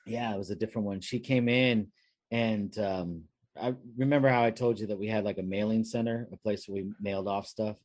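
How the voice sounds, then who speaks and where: A man's voice: lowish voice, a little fast, darkish tone, no echo. A man co-hosting a podcast, telling a long work story in rambling casual chat with many fillers and restarts. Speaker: podcast co-host.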